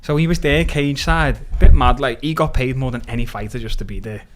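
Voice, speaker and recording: A man's voice: mid-range voice, a little fast. Slangy young Scouse man telling stories. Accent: Liverpool (Scouse). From Liverpool, England. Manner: animated, slangy, sweary, keeps saying "lad". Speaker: podcast guest, MMA fighter. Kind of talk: casual storytelling.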